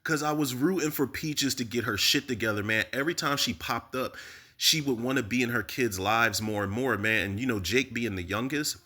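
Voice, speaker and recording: Guy with black doing a casual tv recap, bright voice, fired up, curses a lot, talks to y'all. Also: mid-range voice, moderate pace. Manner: animated, profane, talks to viewers as y'all. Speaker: TV recap host.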